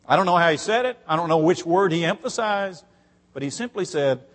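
A man's voice: sits high, expressive, fairly quick. A man preaching a sermon, reading scripture and stressing his points, his voice building on repeated phrases. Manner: emphatic, rising on repeated phrases, reads scripture aloud. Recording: long hall reverb.

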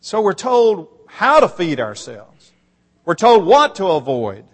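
A man's voice: high-pitched, huge pitch swings, slow pace, husky. A man preaching a sermon, reading scripture and stressing his points, his voice building on repeated phrases. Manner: emphatic, rising on repeated phrases, reads scripture aloud. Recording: long hall reverb.

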